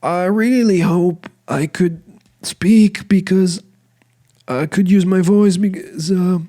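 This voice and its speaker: A man putting on a very old chain-smoker, slow and doddering. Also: sits high, steady tone, warm tone, pitched above the performer's own voice. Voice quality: gravelly, worn-out voice. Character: very old male smoker with a ruined voice.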